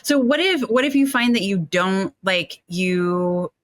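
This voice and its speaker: A podcast host asking questions in a casual interview and often checking in with a quick "right?". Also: mid-range voice, expressive, a bit bright, no room sound. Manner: conversational, frequent "right?" tags. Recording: dry close recording.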